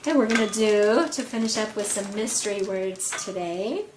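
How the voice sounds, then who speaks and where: A woman teacher casually giving students assignment reminders, relaxed and with frequent fillers. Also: mid-range voice, normal speed. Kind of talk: casual classroom instructions. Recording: echoey room with faint noise.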